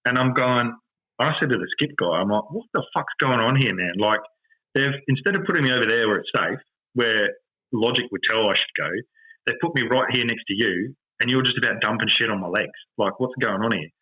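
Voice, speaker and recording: An Australian man hosting a podcast, telling a story in an animated, exasperated rant with lots of swearing. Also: mid-range voice, fairly quick, breathy edge, rough recording. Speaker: podcast host. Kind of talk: casual storytelling chat.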